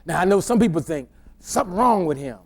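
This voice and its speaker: A man's voice: high-pitched, animated, fast talker, darkish tone. A middle-aged male pastor preaching by telling a humorous personal story in a conversational way, often stammering and restarting his words.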